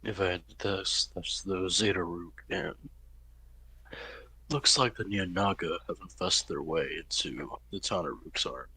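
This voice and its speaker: A man's voice: sits low, a little slow, sharp tone, husky, no room sound. A man playing in an online tabletop game, speaking partly in character and thinking aloud as he explains his plans. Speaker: player.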